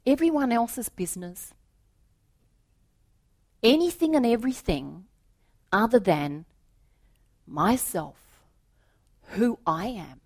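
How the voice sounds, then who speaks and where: Woman spiritual teacher, slow and lively in pitch, storytelling talk with rhetorical questions. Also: slightly rough. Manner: slow, animated, with soft asides and rhetorical questions.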